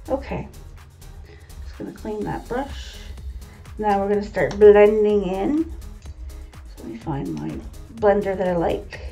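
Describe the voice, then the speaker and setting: A woman with a gravelly, mellow voice talks viewers through her makeup one step at a time, in a relaxed, chatty way. She sounds a little away from the mic, with soft music playing faintly underneath. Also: medium pitch, far from the mic. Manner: chatty, talks to viewers as guys while working. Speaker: makeup tutorial host. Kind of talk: casual step-by-step makeup tutorial.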